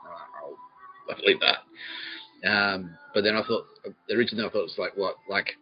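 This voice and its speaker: A man's voice: lowish voice, a little fast, muffled recording, faint music behind. A man with an Australian accent hosting a podcast, telling a rambling comic story full of swearing and laughter, slipping into quoted voices. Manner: profane, laughing, jumps between quoted voices. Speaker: podcast host.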